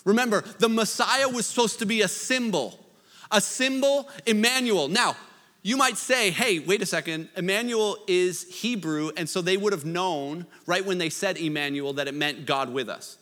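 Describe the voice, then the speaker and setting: Bright high-voiced man preaching in a hall. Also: normal speed. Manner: conversational, joking asides, swings loud to hushed. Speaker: pastor. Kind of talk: sermon.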